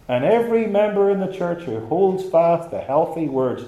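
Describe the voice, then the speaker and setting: A man's voice: a little high, animated, normal speed, hardly any pauses, warm tone. A man preaching with emphatic, rhetorical force and a voice that swings widely up and down. His words echo through a roomy space. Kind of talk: sermon. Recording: echoey church room.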